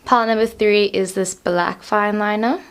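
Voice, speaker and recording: A woman's voice: medium pitch, fairly even intonation, moderate pace. A young woman hosts her tarot vlog in a bubbly, chatty way. She rambles freely and talks straight to her viewers. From South Africa. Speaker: tarot reader. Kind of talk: casual tarot reading vlog.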